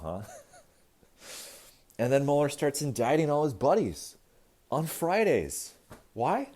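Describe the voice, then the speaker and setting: A male stand-up comedian doing a casual, profane routine, often jumping into quick voices for the people in his jokes and laughing at his own lines. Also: deep voice. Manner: animated, acting out characters in quick bits. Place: rehearsal space.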